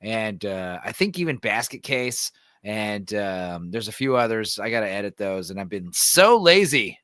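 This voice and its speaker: A man hosts a casual podcast, his voice bright and sharp. He rambles, laughs a lot and swears casually, a little sore in the throat. The sound is dry and close. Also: on the low side, big pitch swings, moderate pace, no room sound. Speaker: podcast host. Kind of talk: casual chat.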